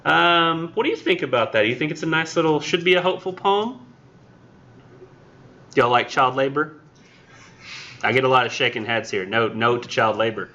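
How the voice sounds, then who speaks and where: A man's voice: mid-range voice, normal speed, long pauses, bright, forceful tone, lo-fi sound. A man teaching a college English class in a casual, chatty way, with wry sarcastic asides.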